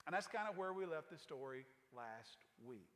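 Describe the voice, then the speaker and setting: A man's voice: a little high, animated, moderate pace, a bit bright, long reverb tail. A male pastor preaching a sermon in a church, retelling a story in a folksy, conversational way with casual asides. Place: church sanctuary.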